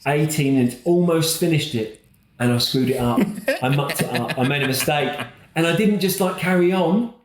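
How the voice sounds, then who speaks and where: A man's voice: on the high side, normal speed, crowd noise. A man, a children's TV presenter, telling a rambling, self-mocking story in a casual podcast chat. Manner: rambling, animated, self-mocking, laughs often. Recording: roomy echo.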